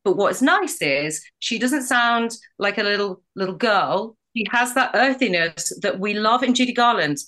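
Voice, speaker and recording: A woman's voice: mid-range voice, lively intonation, moderate pace, hardly any pauses, a bit bright. A middle-aged woman stage actress chatting as a podcast guest, enthusiastic and full of asides and restarts. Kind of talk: casual podcast chat.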